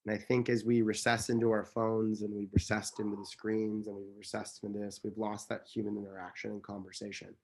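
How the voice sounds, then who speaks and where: A man's voice: on the low side, level tone, a little fast, hardly any pauses, a little hiss or hum. A man speaking as an interview guest, telling stories in an earnest, passionate, emphatic way that rambles and corrects itself. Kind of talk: casual conversational storytelling.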